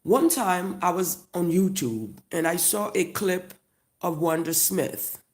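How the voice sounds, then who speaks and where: A comedian with a Haitian accent tells a profane, loud, mocking story straight to camera. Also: medium pitch, slow.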